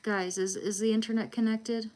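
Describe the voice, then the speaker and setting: A woman's voice: on the high side, steady tone, normal speed, a little mellow. A young woman chatting casually on a live stream while she draws, rambling with many fillers and restarts.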